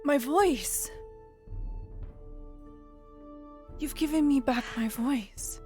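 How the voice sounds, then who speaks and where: A woman voicing a lovesick young male fey character, overjoyed and loud. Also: high-pitched, takes it slowly, faint music behind.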